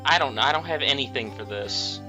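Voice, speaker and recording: A woman hosting a casual game dub, laughing with loud, exasperated outbursts, game music behind her. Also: very deep voice, expressive, brisk. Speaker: let's play host dubbing a game. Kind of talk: casual dubbing play-through.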